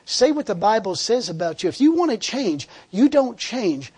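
A man's voice: sits high, big pitch swings, moderate pace, a little mellow, breathy edge. A man preaching a sermon in a fervent, conversational way, repeating words and laughing as he tells a story.

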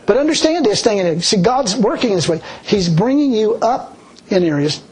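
A man preaching a sermon and telling his own story, in a folksy, conversational way with many restarts. He drops into a low, slow voice when he quotes God. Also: animated, a little mellow, slightly rough, low-quality recording. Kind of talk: sermon with personal testimony.

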